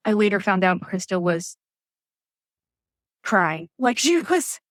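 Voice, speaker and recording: Woman in her 30s, lively storyteller, dry close mic, plays out what people said. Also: mid-range voice, slow, no room sound. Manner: animated storytelling, acts out quotes, laughs often. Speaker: podcast guest. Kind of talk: telling her birth story. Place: Atlanta area.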